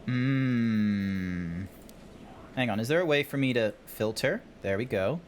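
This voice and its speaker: A man's voice: mid-range voice, expressive, slow, slight background noise. A young Australian man chatting casually on a gaming stream, playful and rambling, swearing now and then.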